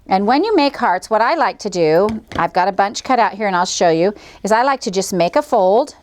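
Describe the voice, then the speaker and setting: This middle-aged woman speaks briskly and with animation at a medium pitch. She demonstrates quilting step by step in a friendly, cheerful, folksy manner.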